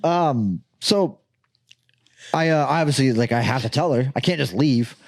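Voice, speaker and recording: A man's voice: mid-range voice, expressive, moderate pace, vocal fry, no room sound. A young man co-hosting a podcast, telling a rambling story with lots of swearing and laughter. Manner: profane, rambling, laughs often. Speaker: podcast co-host. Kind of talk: casual chat, storytelling.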